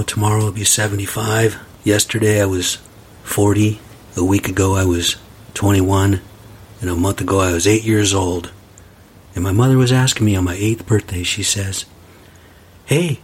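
A man's voice: lowish voice, little pitch movement, moderate pace, slightly rough. A man hosting a solo podcast and rambling into a profane, ranting monologue. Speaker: podcast host.

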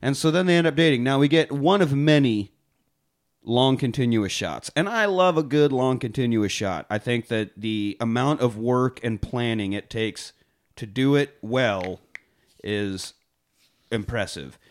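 A man co-hosting a podcast, retelling a film scene with lively, profane energy and acted-out quotes. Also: medium pitch, unhurried. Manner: animated storyteller, heavy swearing, acts out quotes. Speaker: podcast co-host. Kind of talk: casual film-review chat.

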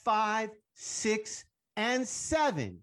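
A man's voice: high-pitched, wildly swooping pitch, very slow, fairly bright tone. A man hosting a casual podcast interview, teasing his guest and swearing freely. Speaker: host.

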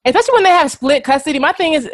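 A woman co-hosting a casual gossip podcast, talking in a quick, animated, slangy way. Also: high-pitched, no room sound. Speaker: podcast co-host.

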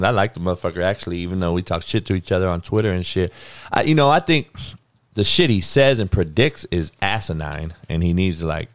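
Heated male podcast host with a lowish voice: blunt, profane opinion rant with a dry, close sound. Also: no room sound.

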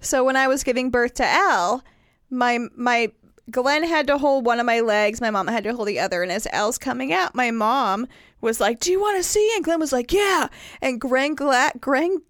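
A woman's voice: a little high, normal speed, fairly bright tone, no room sound, clean studio sound. A woman in her thirties telling blunt, crude stories in casual chat.

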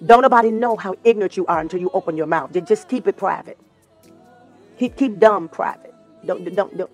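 Soft background music accompanies a man delivering a sermon as a gospel minister. He speaks in a high voice at a fairly quick pace, sharing personal stories informally, repeating phrases for emphasis and now and then slipping into song.

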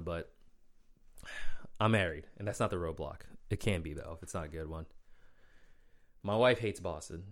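A man from Minnesota hosting a podcast, telling a story in loose, chatty talk and often calling people "man" and "bro". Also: low voice. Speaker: podcast host. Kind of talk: casual solo storytelling.

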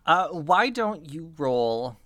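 A man running a tabletop game as game master, relaxed and dry. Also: a little high, slow pace, no room sound.

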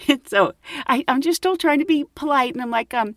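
A woman tells a personal story in an animated, laughing way. Her pitch swings widely as she acts out the moments. The sound is dry and close. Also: brisk, no echo. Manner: animated, self-deprecating, laughs often. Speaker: host telling a story. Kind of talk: casual storytelling.

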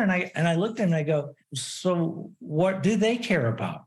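Podcast guest, middle-aged man, slightly high voice, animated storyteller who acts out quotes. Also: fairly quick, few pauses. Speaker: podcast guest, business consultant. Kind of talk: casual interview storytelling.

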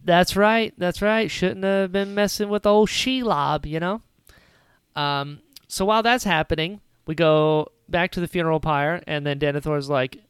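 A woman hosting a podcast, recapping a film in casual chat with lively retellings. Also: fairly low pitch, smooth, no room sound, clean studio sound. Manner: animated retelling with quick character voices. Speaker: podcast host.

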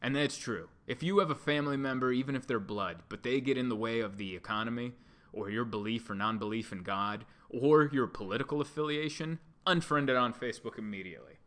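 A man doing a stand-up comedy routine, telling a rambling deadpan story with restarts and asides. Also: mid-range voice, brisk. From United States.

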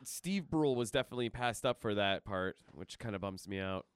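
Man chiming in excitedly, dry sound. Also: fairly low pitch, a little fast, clean tone, no echo. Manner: excited short interjections. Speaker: podcast co-host. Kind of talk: casual comic book chat.

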